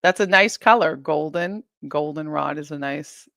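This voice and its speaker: A woman with a lowish, gravelly voice hosts a casual live stream, reading viewer comments aloud and chatting back. She rambles and giggles as she goes. The sound is dry and close, with no room echo. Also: normal speed, a bit bright.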